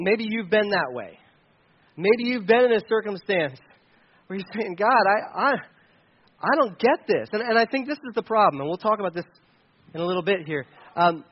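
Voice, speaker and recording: High-voiced pastor, earnest and emphatic. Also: male voice. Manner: earnest and emphatic, swings between loud pleading and quiet asides; conversational, with many restarts and asides. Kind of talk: sermon. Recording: dull lo-fi sound.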